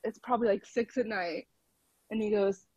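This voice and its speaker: A woman's voice: mid-range voice, normal speed, a little mellow, slightly rough, no echo, muffled recording. Chatty woman telling a story on a call. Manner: chatty, laughs often, acts out dialogue. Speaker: podcast guest. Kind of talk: casual storytelling. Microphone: phone call.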